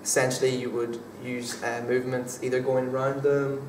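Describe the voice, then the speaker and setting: A man's voice: mid-range voice, flat delivery, normal speed, a little mellow. A young man, a drama student, answering interview questions in a casual, hesitant way with many fillers and restarts. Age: young adult. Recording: echoey room from far off, faint background noise.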